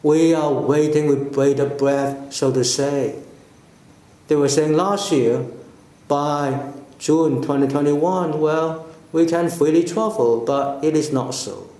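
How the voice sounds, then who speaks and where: A man preaching a sermon slowly and deliberately, with emphatic phrases that fall away at the ends. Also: a little high, dark tone, reverberant. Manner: slow, deliberate, with falling emphatic endings.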